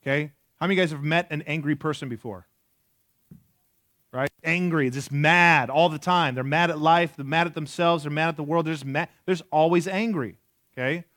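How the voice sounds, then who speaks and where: A man's voice: a little high, a little fast, fairly bright tone, dry recording, clean studio sound. A man in his forties preaching a sermon in a conversational way, asking the audience questions and joking. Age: 40s. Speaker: pastor.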